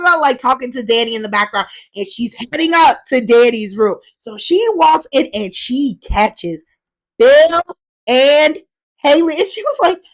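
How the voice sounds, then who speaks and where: Woman host, slightly high voice, chatty and animated, acts out quotes. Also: rough recording. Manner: animated, acts out characters' lines in quick put-on voices. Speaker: host recapping a soap opera. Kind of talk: casual chat.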